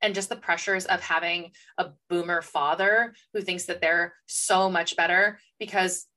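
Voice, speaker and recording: A woman's voice: lowish voice, fairly even intonation, normal speed, bright, forceful tone. A young woman co-hosting a casual book podcast, speaking emphatically with strong opinions and casual swearing. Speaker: podcast co-host. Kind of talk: casual chat.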